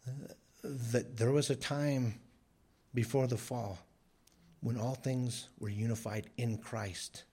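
A man's voice: on the low side, darkish tone, husky. A man preaching a sermon in an earnest, emphatic way, often repeating phrases for stress. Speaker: pastor.

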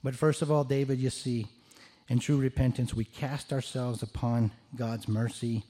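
A man's voice: mid-range voice, fairly even intonation, normal speed, mellow. A man preaching a sermon in an earnest way, often repeating words as he restarts his phrases. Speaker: pastor.

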